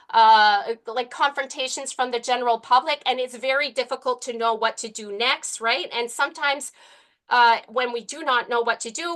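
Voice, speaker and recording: Bright-voiced woman making earnest remarks. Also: sits high. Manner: earnest and rambling, many fillers and restarts. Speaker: committee member speaking on transit. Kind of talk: public meeting remarks.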